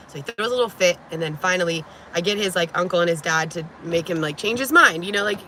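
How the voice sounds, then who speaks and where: Bright-voiced woman rambling to camera. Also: lowish voice, expressive, fast talker, few pauses, a little hiss or hum, rough recording. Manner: rambling, heavy on "like" and restarts. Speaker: vlogger. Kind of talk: casual storytelling to camera.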